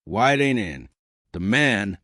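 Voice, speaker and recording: A man's voice: lowish voice, very animated, slow pace, bright, forceful tone, no echo, studio quality, exaggerated voice. A man voicing a rattled man who speaks in disbelief. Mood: incredulous. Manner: incredulous, rattled.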